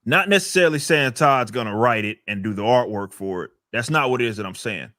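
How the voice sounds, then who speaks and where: A man's voice: medium pitch, fairly quick, sharp tone, no room sound. Brief: man, mid voice, dry close recording, profane casual rant. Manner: ranting, profane, repeats words while thinking. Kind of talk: casual podcast chat.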